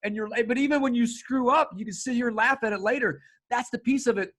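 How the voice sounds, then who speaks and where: A male podcast host talking in a casual, excitable way, swearing often and laughing. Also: extremely high pitch, fast.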